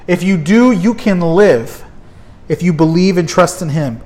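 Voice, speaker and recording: A man's voice: high voice, lively intonation, a little slow, a little mellow. A man preaching a sermon as pastor, emphatic, asking the congregation rhetorical questions and repeating key words.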